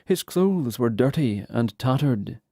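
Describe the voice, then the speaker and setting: A man reading fantasy narration for an audiobook in a measured, unhurried way. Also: mid-range voice, animated, mellow, no echo, studio quality.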